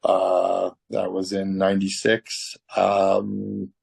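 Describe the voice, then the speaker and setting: There's vocal fry and a breathy edge in this deep, slow voice, recorded with no echo. The guest is a middle-aged Canadian tattoo artist telling a wild story in a video-call interview, swearing often and animatedly acting out people's lines.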